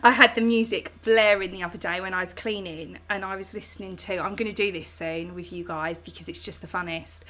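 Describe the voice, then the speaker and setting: A woman's voice: lowish voice, fairly even intonation, a little fast, few pauses, pushed and bright. A chatty woman with a British English accent, hosting a home livestream and answering viewer comments in a bubbly, slangy way. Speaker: host. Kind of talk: casual chat reading viewer comments on a livestream.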